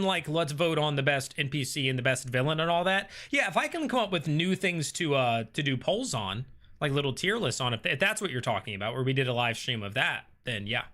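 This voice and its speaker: A man with a bright, clear voice hosts a relaxed live stream. He reads viewer comments aloud and answers them in an easy, thinking-aloud way, full of ums and uhs. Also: on the high side. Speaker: host reading live chat. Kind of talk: casual live-stream chat.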